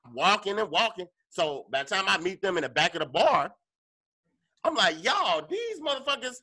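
A man co-hosting a podcast, telling a story in casual, profane chat and acting out his own reactions. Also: moderate pace. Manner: animated, profane, acts out his own lines in a higher voice. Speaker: podcast co-host.

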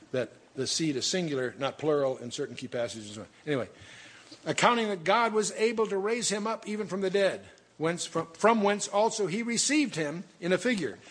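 Reading through scripture verse by verse, a man with a voice on the high side teaches a Bible study. He keeps breaking off to explain passages, with asides and false starts along the way.

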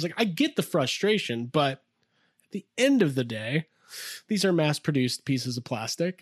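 Guy co-hosting a chill podcast, kinda high voice, rambles and cuts himself off a lot, dry close sound. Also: no echo. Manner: rambling, self-interrupting, laughs easily. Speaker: podcast co-host. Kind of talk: casual chat.

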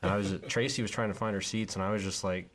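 A man's voice: fairly low pitch, fast. A man in casual chat, telling a concert story with lots of fillers. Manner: storytelling, animated, filler-heavy.

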